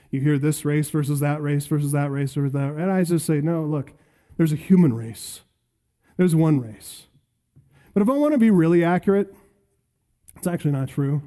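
A man preaching an expository sermon, emphatic, slowing down to stress key phrases and building to punchy lines. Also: on the high side, dark tone. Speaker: pastor.

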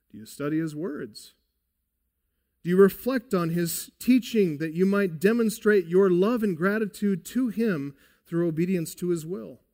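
A man preaching a sermon as pastor, earnest and emphatic, with pauses. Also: fairly high pitch, a little mellow.

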